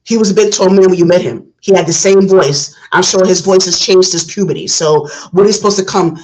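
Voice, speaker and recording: A woman's voice: fairly low pitch, fairly quick, a little mellow, rough recording. A woman hosting a reaction video, giving passionate casual commentary with many restarts. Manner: passionate, talks it through with restarts.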